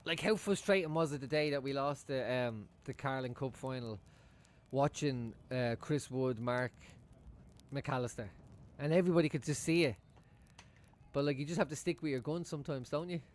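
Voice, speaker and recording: A man's voice: mid-range voice, normal speed. A man chatting casually at home while he watches a football match live for his stream, swearing freely and laughing often. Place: room at home.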